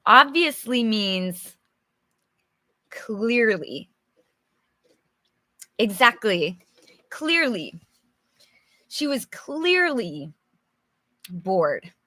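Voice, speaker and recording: Bright-voiced, slow-paced woman teaching English. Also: medium pitch, no room sound. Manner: chatty and encouraging, answers viewers' comments by name; acts out examples with sighs and groans. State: slightly losing her voice. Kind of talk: live English storybook lesson.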